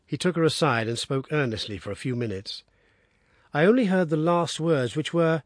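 A man narrating an audiobook with expressive, steady storytelling. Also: medium pitch, normal speed, no room sound, studio quality. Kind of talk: scripted narration.

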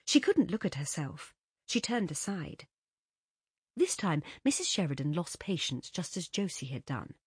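A woman reading a literary story aloud as narrator in an expressive, measured way. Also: lowish voice, slightly rough, dry recording, clean studio sound. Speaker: audiobook narrator.

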